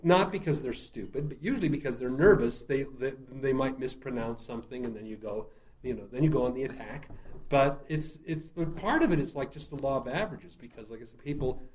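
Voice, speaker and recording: A man tells stories from his comedy theater work in a relaxed interview. He talks in animated bursts, laughs through his lines and often stumbles over restarts. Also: medium pitch, fairly quick. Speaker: murder-mystery show writer and performer. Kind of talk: casual storytelling interview.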